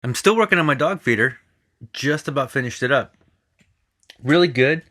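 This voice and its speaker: A man's voice: mid-range voice, animated, moderate pace, pushed and bright. A man co-hosting a podcast, chatting in an easygoing way with many filler ums. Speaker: podcast co-host. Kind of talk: casual chat.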